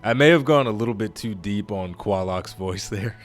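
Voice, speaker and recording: A man with a naturally deep voice hosting a gaming channel, giving chatty, rambling commentary as he plays. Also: normal speed, faint music behind. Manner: chatty, rambling, self-correcting. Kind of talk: let's play commentary.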